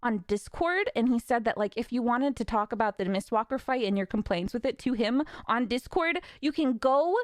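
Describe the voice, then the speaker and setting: A young woman streamer ranting casually, frustrated and swearing with nervous laughs, her voice a little raspy from talking. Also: fairly high pitch, expressive, moderate pace, hardly any pauses, dry recording, studio quality.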